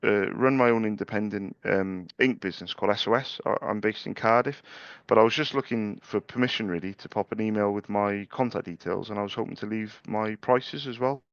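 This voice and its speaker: A man's voice: fairly low pitch, brisk, hardly any pauses, dry recording, muffled recording. A young man making sales calls and chatting casually to camera, polite and chatty, with frequent stammered restarts. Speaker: small business owner making sales calls. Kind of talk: casual vlog with live phone calls.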